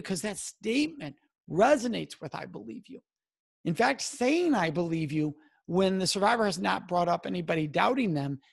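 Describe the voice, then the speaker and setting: A man's voice: high voice, creaky, slightly rough. A middle-aged man speaking straight to his listeners, coaching them in an earnest way on what to say and stressing key words. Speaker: speaker on sexual assault prevention. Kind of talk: direct-to-camera advice talk.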